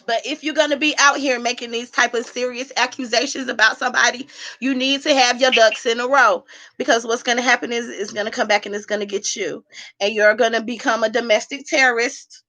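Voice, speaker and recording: Sassy bright-voiced woman streamer. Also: fairly high pitch, brisk. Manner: animated, sassy, talking back to chat. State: drinking while streaming. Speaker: livestream host. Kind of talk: casual livestream chat.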